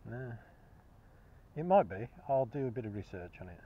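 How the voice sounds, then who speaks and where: A man's voice: mid-range voice, big pitch swings, normal speed, phone-quality sound. A man chatting cheerfully to the camera as he metal-detects outdoors, chuckling and enthusiastic about each find. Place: outdoors in a field.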